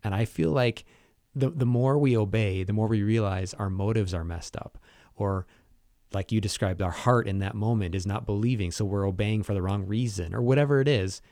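A man in a relaxed faith conversation, speaking earnestly and searching for words with fillers. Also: lowish voice, normal speed, dry recording, clean studio sound.

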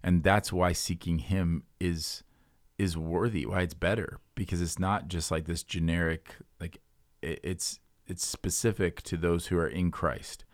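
Deep-voiced man musing on faith. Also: steady tone, a little slow, no room sound, clean studio sound. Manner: earnest, rambling, many fillers and restarts. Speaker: co-host. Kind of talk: casual faith discussion.

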